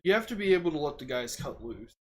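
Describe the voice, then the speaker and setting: A young man co-hosting a casual podcast, giving steady, knowledgeable commentary. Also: fairly high pitch, fast talker. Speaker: podcast co-host. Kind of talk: casual chat.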